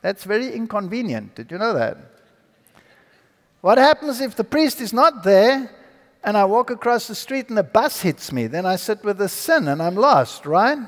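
A man giving his personal testimony to an audience, telling the story in an animated, dramatic way. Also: high-pitched. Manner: animated, dramatic storyteller who acts out dialogue. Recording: long hall reverb.

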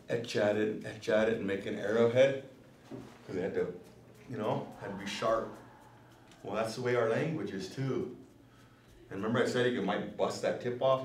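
A man teaching a language class in a casual, encouraging way, often repeating words for his students. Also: lowish voice. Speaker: language instructor. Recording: roomy classroom from far off, noisy.

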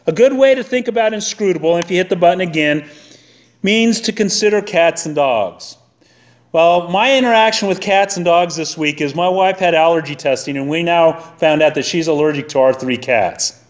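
A middle-aged man preaching a sermon in a church, folksy and conversational, mixing scripture with everyday stories. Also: fairly high pitch. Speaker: pastor. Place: church sanctuary.

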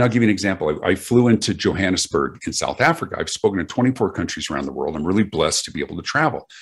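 Low husky-voiced man. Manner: emphatic, anecdotal, repeats words as he restarts. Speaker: guest speaker on customer service. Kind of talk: conversational interview answers.

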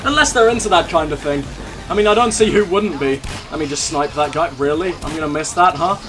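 A man's voice: on the high side, brisk, background noise. A young man hosting a let's play, cracking crude jokes in casual gameplay commentary. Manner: joking, crude banter with laughs.

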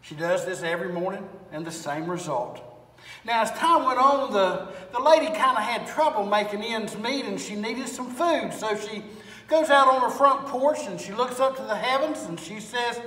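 Bright-voiced pastor in an echoing hall. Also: male voice, high voice, normal speed. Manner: folksy storytelling, rhetorical questions. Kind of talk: sermon. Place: church sanctuary. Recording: echoey hall, far from mic.

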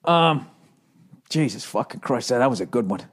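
A man's voice: medium pitch, expressive, normal speed. Profane self-mocking man in his forties. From United States. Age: 40s. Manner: profane, rambling, self-deprecating. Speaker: comedian podcast host. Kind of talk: casual comedic storytelling monologue.

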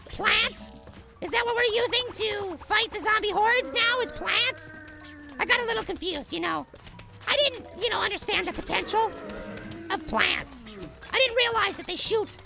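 A man voicing a tiny, excitable cartoon apple boy in frantic let's play commentary, yelling at the game. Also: moderate pace, gravelly. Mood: frantic excited. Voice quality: squeaky, sped-up high voice. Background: game music.

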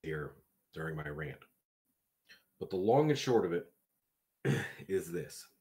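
A man's voice: deep voice, expressive, slow pace, a little mellow. A man streaming a game live, bantering with chat in a crude, joking way.

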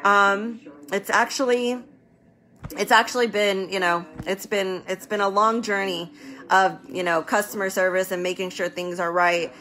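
Woman business owner, casual live chat, bright tense tone, repeats herself for emphasis. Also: mid-range voice, steady tone, measured pace, a little hiss or hum. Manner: chatty, rambling, repeats words for emphasis. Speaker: medical business owner hosting a live stream. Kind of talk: casual live-stream talk.

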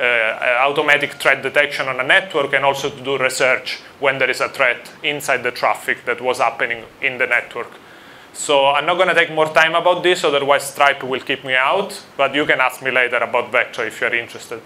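A man's voice: mid-range voice, sharp tone, slight background noise. A man from Italy with an Italian accent, giving a friendly conference talk to a live audience and asking them questions. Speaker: conference speaker.

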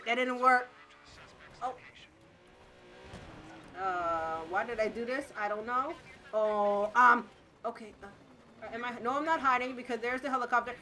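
A young woman gamer, talking through her play in a high, bright voice that leaps all over the place. She swears freely, shouts and bursts into laughter, and a faint hum of noise sits behind her. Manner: loud, excitable, swears a lot, laughs and shouts. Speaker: gaming streamer. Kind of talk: reactive gameplay commentary.

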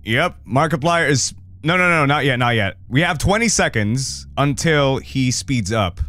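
A man streaming a party game with viewers, loud and laughing, swearing freely and swinging between shouts and mutters. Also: medium pitch, lively intonation, unhurried. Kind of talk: casual gaming stream chat.

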